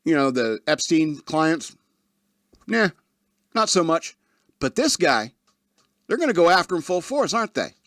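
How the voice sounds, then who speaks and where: A man's voice: a little high, big pitch swings, a little slow, long pauses, a bit bright, dry recording, studio quality. A man hosting a talk radio show, reading news stories aloud and breaking off into sarcastic asides and complaints. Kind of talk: casual news commentary.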